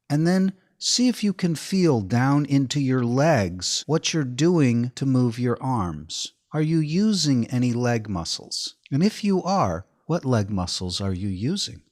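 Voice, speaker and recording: A man leads a guided body-awareness lesson, giving calm step-by-step directions. His pitch rises and falls in a lively, melodic way, and the recording sounds close and dry. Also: no room sound. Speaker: movement instructor.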